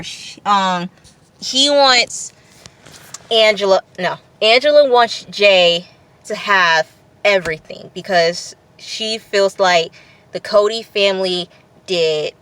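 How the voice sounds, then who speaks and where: A woman talking through a TV episode in an unscripted casual recap, expressive and repetitive, laughing at times. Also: mid-range voice. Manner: expressive, repeats phrases, breaks into laughs. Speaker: TV review vlogger.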